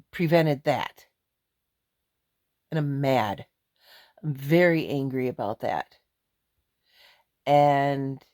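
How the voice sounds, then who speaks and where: A woman's voice: low voice, a little mellow, dry recording, studio quality. A middle-aged woman venting angrily in a vlog, blunt and emphatic. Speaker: vlogger. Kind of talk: angry ranting vlog.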